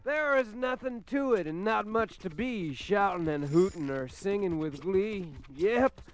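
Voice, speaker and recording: A man reciting a rhyming spoken-word story in a rhythmic, quiet way. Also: sits high, lively intonation, measured pace, music in the background.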